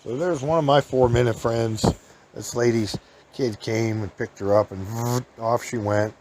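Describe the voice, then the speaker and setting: A man's voice: mid-range voice, steady tone, unhurried, darkish tone, a little hiss or hum. Podcast host, male, folksy rambling storyteller, casual chat, chuckles often.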